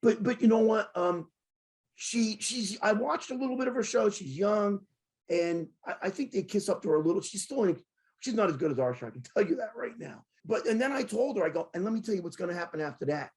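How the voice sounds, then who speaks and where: A middle-aged man co-hosting a sports talk show, telling excited stories and swinging from loud outbursts to low voices when quoting people. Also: brisk. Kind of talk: excited storytelling in casual sports chat.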